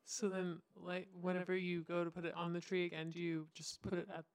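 A woman's voice: on the low side, monotone, a little fast, no room sound. A woman co-hosting a casual chat podcast, teasing and asking short questions. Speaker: podcast co-host.

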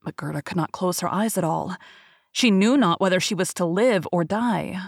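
A woman podcast host reading a fairy tale aloud in a calm, even narration. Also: lowish voice, normal speed, breathy edge, no echo, clean studio sound. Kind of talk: storybook reading.

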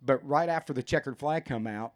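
A man in his fifties from a racing team, telling stories in an animated, emotional way. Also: mid-range voice, brisk. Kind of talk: casual storytelling.

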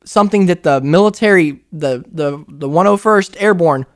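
An American man hosting a casual paranormal podcast, telling stories in an animated way with frequent laughs. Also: on the high side, moderate pace. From United States. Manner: animated storyteller, laughs often, acts out quotes. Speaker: podcast host.

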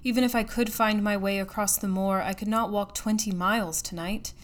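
A woman's voice: mid-range voice, fairly even intonation, fairly quick, close to an everyday voice. A woman reading an audiobook, voicing an anxious young husband who speaks eagerly and urgently.

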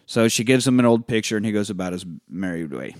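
A man's voice: fairly low pitch, lively intonation, a little mellow, no room sound, studio quality. A man co-hosting a podcast, recapping a film in casual chat, swearing freely and acting out the scenes. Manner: profane, acts out scenes in quick voices. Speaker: podcast co-host.

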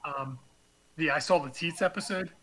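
A man's voice: fairly high pitch, normal speed, sharp tone, rough recording. A man co-hosting a casual podcast chat, laid-back and reminiscing. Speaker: podcast co-host.

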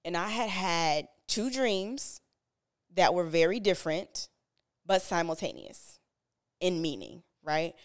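Smooth-voiced woman telling her story. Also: on the low side, lively intonation, slow pace. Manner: earnest, direct, conversational. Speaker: podcast co-host. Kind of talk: candid personal storytelling.

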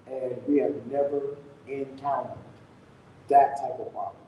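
A man in casual chat who talks haltingly, with frequent restarts and short agreeing replies. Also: mid-range voice, fairly even intonation, muffled recording. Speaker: co-host. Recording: echoey room from far off, faint noise.

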